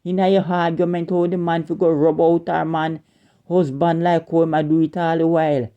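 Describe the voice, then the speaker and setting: A woman's voice: sits low, flat delivery, moderate pace, warm tone, lo-fi sound. A woman with a Jamaican accent delivering an indignant scolding rant as an online commentator, repeating and stumbling over her words.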